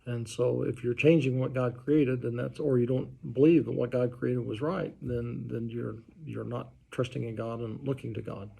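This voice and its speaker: A pastor leading an informal Bible study, talking conversationally and quizzing the group with questions. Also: male voice, mid-range voice, fairly even intonation, moderate pace, gravelly, few pauses, warm tone, breathy edge. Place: church study group room.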